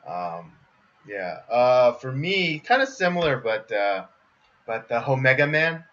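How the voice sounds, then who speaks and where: A man co-hosting a podcast stream, chatting eagerly about cartoon episodes and getting loud and animated when acting out quotes. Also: mid-range voice, a little slow. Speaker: podcast co-host. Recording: dull lo-fi stream audio.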